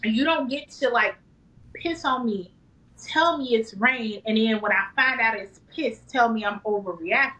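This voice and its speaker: A woman co-hosting a podcast, chatting casually with a very bright, slightly high voice. She talks bluntly and profanely, jumping up in pitch when she gets animated. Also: normal speed, low-quality recording. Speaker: podcast co-host. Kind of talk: casual chat.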